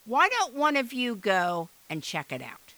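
A woman's voice: on the high side, wildly swooping pitch, unhurried, pushed and bright, no room sound, exaggerated voice. A woman voicing a commanding male robber captain in a storybook reading. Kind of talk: storybook read-aloud.

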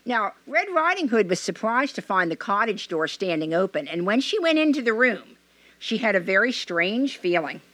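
A woman reading a fairy tale aloud in an expressive, measured way. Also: medium pitch, dry recording.

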